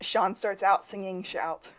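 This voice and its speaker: A woman's voice: medium pitch, fairly even intonation, unhurried, a bit bright. A young woman co-hosting a casual podcast, recapping an episode and reading out quotes in put-on voices. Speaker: podcast co-host.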